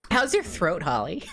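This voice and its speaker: A woman hosting an online improv game, chatting casually with quick, giggly banter. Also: on the low side, pushed and bright. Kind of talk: casual chat.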